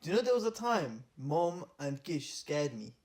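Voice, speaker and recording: Guy in his twenties, podcast co-host, animated storyteller with a very lively pitch, swears and laughs a lot. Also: moderate pace. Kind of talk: casual sibling chat.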